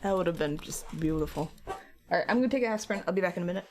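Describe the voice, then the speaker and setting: A woman's voice: lowish voice, lively intonation, very fast. A woman chatting loosely and rambling between topics while she crafts on a live stream. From United States. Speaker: art streamer.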